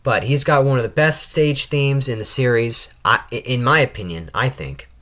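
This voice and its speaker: A man's voice: mid-range voice, normal speed, pushed and bright. A young man giving casual tier-list commentary on his own channel. He stammers and restarts his sentences often. He keeps tacking on a questioning "all right?" as he goes. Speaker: channel host ranking video game characters.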